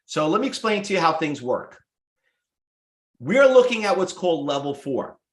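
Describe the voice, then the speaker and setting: A man's voice: a little high, sing-song, normal speed, roomy sound. A man teaching stock trading to a live class, blunt and salesy, firing off rhetorical questions. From United States. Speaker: trading instructor. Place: room with live students.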